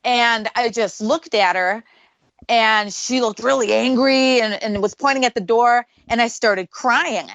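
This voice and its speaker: A woman's voice: a little high, a little slow, a bit bright, no echo, highs cut off. A woman, a paranormal investigator, tells a story on a radio show and acts out the voices she quotes.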